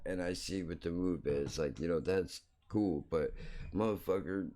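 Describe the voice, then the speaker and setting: A man's voice: low voice, normal speed, mellow. A man hosting his own show, telling a rambling story bluntly and swearing freely. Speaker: podcast host. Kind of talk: casual storytelling monologue.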